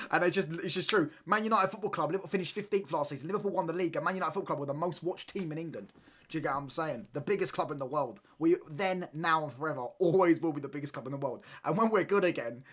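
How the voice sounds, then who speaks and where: Excitable slangy man streaming a football watchalong. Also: fairly high pitch, quick pace, husky. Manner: excitable, slangy banter, reacting live to play. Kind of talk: live football watchalong commentary.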